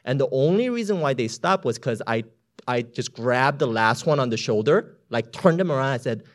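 A man preaching a storytelling sermon, chatty and full of filler words, swinging between hushed asides and loud emphasis. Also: medium pitch, lively intonation, moderate pace.

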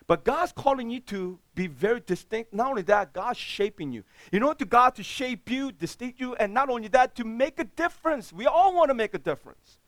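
Animated pastor preaching in broken English. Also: male voice, extremely high pitch, fairly quick, hardly any pauses, no room sound. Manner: animated, swings from loud outbursts to quiet asides; plain broken English with dropped articles. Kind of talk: sermon.

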